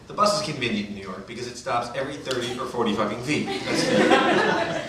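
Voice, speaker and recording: A man's voice: mid-range voice, big pitch swings, very fast. A man hosting a comedy night, riffing and introducing comics, mimicking voices. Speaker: comedy show host. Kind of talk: stand-up banter and introductions. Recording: echoey club from far off, noisy.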